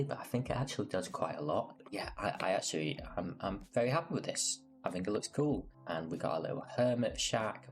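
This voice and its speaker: A man giving casual gameplay commentary as a gaming creator, playful, rambling and self-mocking. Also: low voice.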